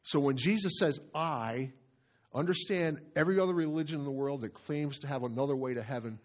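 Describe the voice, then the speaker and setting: A man's voice: fairly high pitch, steady tone, quick pace. A man preaching a sermon as pastor, earnest and stressing phrases by repeating them.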